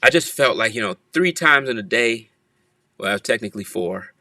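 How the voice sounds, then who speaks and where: A man's voice: lowish voice, expressive, normal speed, sharp tone, dry recording. A man hosting a church livestream, greeting viewers one by one and playfully teasing them from his office. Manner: playful, teasing, repeats phrases.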